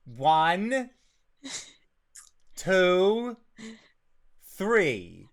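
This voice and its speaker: A woman voicing a gruff, irritable man who talks bluntly and swears, as her character in a tabletop game. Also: on the low side, sing-song, extremely slow, heavily acted. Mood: bargaining. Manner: blunt, profane, exasperated.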